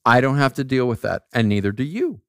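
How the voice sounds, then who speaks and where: Male pastor, animated sermon delivery, dry close sound, tells stories and asks the room questions. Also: medium pitch, a little fast, dry recording. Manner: conversational storytelling with rhetorical questions.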